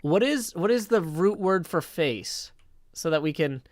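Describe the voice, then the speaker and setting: A man chatting casually on a live stream, reading viewer messages aloud and thinking out loud as he goes. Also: on the high side, expressive, measured pace, dry recording.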